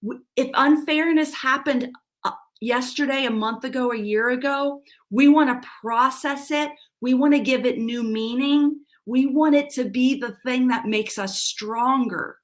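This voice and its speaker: A woman's voice: high-pitched, a little slow. A middle-aged woman giving a live-streamed coaching talk, earnest and self-deprecating, often restarting her sentences. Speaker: life coach.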